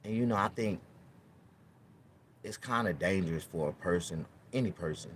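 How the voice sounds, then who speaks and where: A man delivering a comedic vlog monologue in an RV, excitable and swearing constantly. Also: low voice, normal speed, slight background noise.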